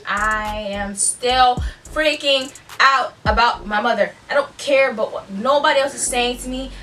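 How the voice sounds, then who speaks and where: A young woman vlogger telling a personal story in a candid, profane, animated way. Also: fairly high pitch, distant mic. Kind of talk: casual storytime. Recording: voice off-mic with faint music.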